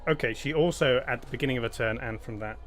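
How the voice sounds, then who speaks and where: A man's voice: mid-range voice, fast, fairly bright tone, soft background music. A man running a tabletop game as game master, describing events and calling out damage.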